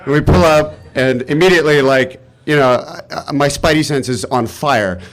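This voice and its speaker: A man telling a personal story live on stage, animated and exasperated, swearing freely. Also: medium pitch, normal speed.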